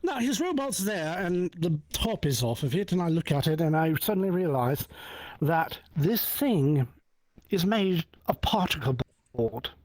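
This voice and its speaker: A man hosting a talk show and telling a personal story in a casual, animated way, acting out the dialogue. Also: on the high side, unhurried, no echo. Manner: animated, acts out dialogue with many restarts.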